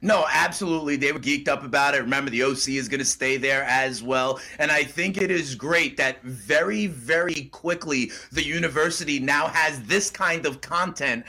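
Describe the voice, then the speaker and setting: A male co-host breaking down college football with wry, measured takes. His voice is gravelly with a bright, forceful tone and sits slightly high. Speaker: sports show co-host. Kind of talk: sports talk commentary.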